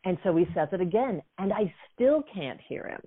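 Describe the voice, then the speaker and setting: A woman's voice: medium pitch, normal speed, husky. Woman telling stories over a phone-like line. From United States. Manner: animated storyteller, frequent "you know" fillers. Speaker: guest, coach and author. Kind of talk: storytelling in a conversation. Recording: phone-like narrow sound.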